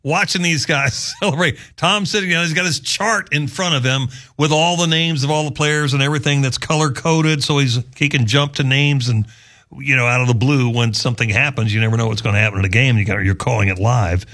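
A man's voice: mid-range voice, fairly even intonation, fairly quick, a bit bright. A male local radio host, chatting casually with rambling asides.

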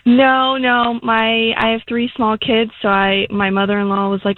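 A woman's voice: fairly high pitch, little pitch movement, normal speed, few pauses, no echo. A woman calling in to a radio show, telling a story earnestly. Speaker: caller. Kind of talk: call-in story. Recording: phone line.

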